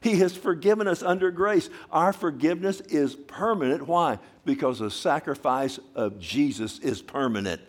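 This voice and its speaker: Male pastor mid-sermon, emphatic, swinging from loud bursts to hushed emphasis, calls for "amen". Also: on the high side, normal speed, few pauses. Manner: emphatic preaching with call-and-response questions. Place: church service.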